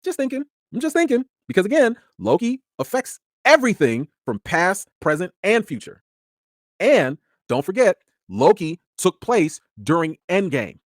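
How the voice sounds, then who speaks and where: A young man, chatting casually as host of a review show, his energy swinging between excitement and tired mumbling. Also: on the high side, dry recording, clean studio sound.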